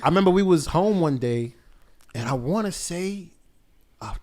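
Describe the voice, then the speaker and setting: A man's voice: a little high, lively intonation, normal speed, a little mellow. A man co-hosting a casual podcast chat, telling stories animatedly and swearing freely. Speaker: podcast co-host.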